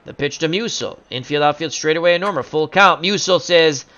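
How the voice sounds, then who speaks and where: A man doing jokey play-by-play commentary on a simulated baseball game, bursting into loud excitement on big plays. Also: fairly high pitch, fairly quick, muffled recording.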